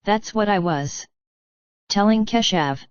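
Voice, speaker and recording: A woman's voice: mid-range voice, takes it slowly, clear, resonant tone, dry recording, highs cut off, lightly acted. A woman reading an audiobook, voicing a young man who is formal and tongue-tied around his fiancée. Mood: flustered.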